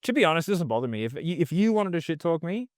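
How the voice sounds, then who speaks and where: This sales trainer's voice sits on the high side, sing-song and quick, recorded clean in a studio without room sound. As a casual podcast guest he rambles, talks bluntly, swears a lot, and says "like" over and over among other fillers.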